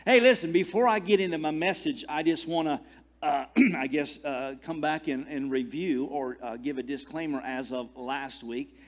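A middle-aged man preaching a conversational sermon, telling stories with animated energy and frequent restarts. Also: a little high, normal speed. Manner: animated storytelling, repeats words, many restarts. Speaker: pastor.

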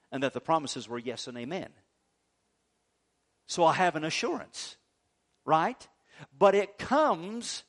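A middle-aged male pastor preaching a sermon, swinging from quiet talk to loud shouted quotes. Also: a little high.

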